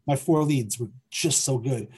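Middle-aged filmmaker, male, mellow husky voice, thinks aloud with repeats. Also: mid-range voice, unhurried. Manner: hesitant, repeats words while thinking aloud. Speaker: filmmaker and writer guest. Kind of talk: conversational interview.

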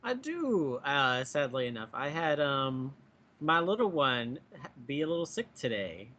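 A man's voice: medium pitch, very animated, unhurried, bright, forceful tone. A man co-hosting a podcast, chatting casually and joking about being a Bigfoot. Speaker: podcast co-host. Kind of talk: casual chat.

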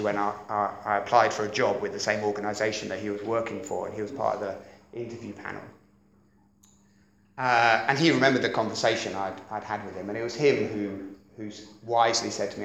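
A middle-aged man preaching a sermon in a lively, conversational way, often checking that his listeners follow. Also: on the low side, a little fast, a little hiss or hum. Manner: lively, conversational, keeps asking "does that make sense?". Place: church hall. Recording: echoey church hall.

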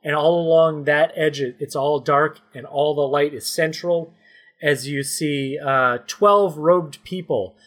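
A man from Canada narrating a comedic story game as game master, laying out scenes slowly with mock suspense. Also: fairly high pitch, steady tone, a bit bright.

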